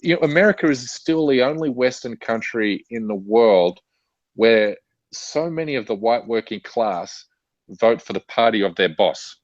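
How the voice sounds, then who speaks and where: A man's voice: mid-range voice, expressive, normal speed, no room sound, muffled recording. A man appearing as a guest author and activist, arguing political points fluently with many fillers. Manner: fluent, argumentative, many "you know" fillers. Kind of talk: political discussion.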